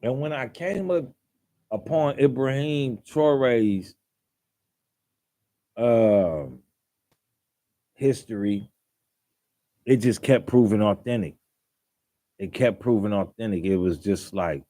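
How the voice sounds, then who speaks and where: Slow, mellow-voiced man musing aloud. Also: on the low side, dry recording. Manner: rambling, with fillers and repeated restarts; rhetorical questions, mock-quoting others. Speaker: podcast host. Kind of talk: casual commentary monologue.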